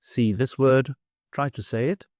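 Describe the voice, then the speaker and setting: Slow and patient, this Greek-accented man teaches beginner vocabulary through pronunciation drills, repeating every word syllable by syllable. His medium-pitched voice is a little mellow with fairly even intonation, and the studio sound is clean with no echo.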